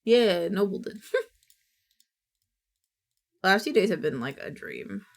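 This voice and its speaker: A young American woman streaming live, chatting excitably with her chat and swearing freely as she works. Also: medium pitch, slow, gravelly. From United States.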